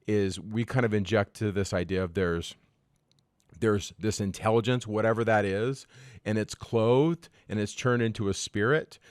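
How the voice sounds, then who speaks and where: This man talks in a fairly low register with energetic, self-deprecating enthusiasm, as though walking friends through a lesson. The sound is dry and close, with no room around it. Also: no echo. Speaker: teacher. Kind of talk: casual podcast discussion.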